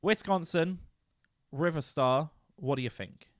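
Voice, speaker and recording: A man's voice: fairly high pitch, measured pace, no echo, clean studio sound. A British man co-hosting a podcast, chatting casually with playful, teasing banter. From Britain. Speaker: podcast co-host. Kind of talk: casual chat.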